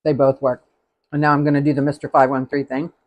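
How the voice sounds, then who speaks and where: A man's voice: mid-range voice, flat delivery, quick pace, lo-fi sound. A man hosting a live cooking stream, chatting casually and rambling as he tastes the food. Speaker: cooking show host.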